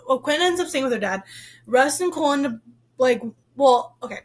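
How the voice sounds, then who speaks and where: Young woman, high voice, casual book chat; rambly, filler-heavy, expressive. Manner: expressive, gets worked up. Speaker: book reviewer.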